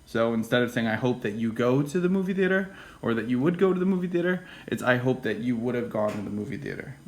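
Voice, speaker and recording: A man giving a casual classroom lecture, often checking in with "okay?" and "right?" and dropping into quiet whispered asides. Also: mid-range voice, expressive, quick pace, low-quality recording. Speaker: teacher.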